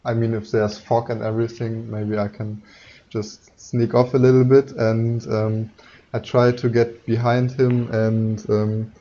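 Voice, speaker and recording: Hesitant male player, dark and slow, over a muffled noisy line. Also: medium pitch, level tone. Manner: hesitant, many ums. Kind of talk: casual game chat.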